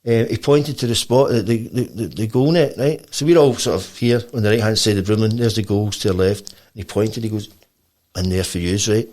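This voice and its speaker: A man's voice: on the low side, brisk. A man with a Scottish accent chatting as a podcast guest, rambling with many restarts. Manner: animated storytelling. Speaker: guest musician. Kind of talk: casual podcast chat.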